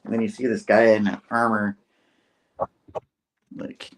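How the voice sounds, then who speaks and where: Man excitedly recapping a comic. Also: lowish voice, a little slow, long pauses, poor audio. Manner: loose, excited retelling with lots of fillers. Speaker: co-host reading a comic aloud. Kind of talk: casual podcast chat, recapping a comic.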